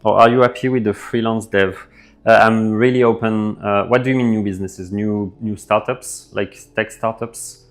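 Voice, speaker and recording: A man's voice: lowish voice, normal speed, soft background music. A man chatting on a live coding stream, reading viewer messages and answering them off the cuff with plenty of fillers. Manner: relaxed, thinks aloud with fillers, reads chat messages out.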